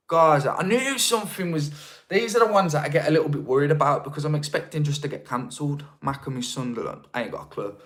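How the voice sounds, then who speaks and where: A man with a Birmingham accent, chatting casually on a live stream and answering viewer comments. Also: a little high. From England. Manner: chatty, rambling, with frequent restarts. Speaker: livestream host.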